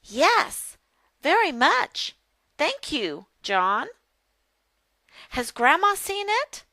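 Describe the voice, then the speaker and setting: A woman voicing a cheerful little farm girl in a primer dialogue, with bright, eager exclamations. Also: sits high, huge pitch swings, very slow, dry recording, pitched above the performer's own voice, exaggerated voice. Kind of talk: reading a primer dialogue aloud.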